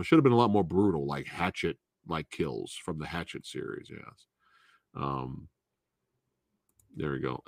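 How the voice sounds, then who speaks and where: Animated, laughing male movie reviewer. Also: fairly low pitch, no echo, studio quality. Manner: animated, profane and repetitive, laughing often. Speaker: movie review show host. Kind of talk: casual movie review chat.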